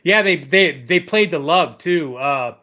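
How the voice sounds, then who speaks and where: A man's voice: a little high, expressive, measured pace, bright, forceful tone. Rambling middle-aged man, lo-fi stream. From Michigan. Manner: rambling storyteller, reads chat comments aloud. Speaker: livestream host. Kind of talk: casual livestream chat.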